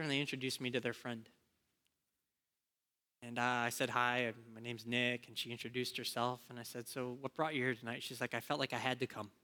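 A man preaching a sermon as a campus minister, telling a story and acting out the dialogue in an animated way. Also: medium pitch, long reverb tail.

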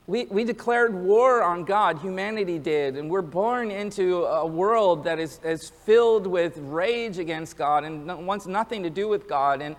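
A male pastor preaching a sermon in an earnest, animated way, rising to emphatic peaks and acting out quotes as he tells a story. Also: high voice, unhurried, hardly any pauses, long reverb tail.

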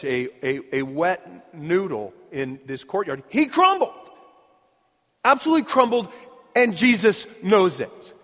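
A male pastor preaching a sermon to his congregation, telling the story dramatically and moving between loud emphasis and near-hushed asides. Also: a little high. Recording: reverberant hall.

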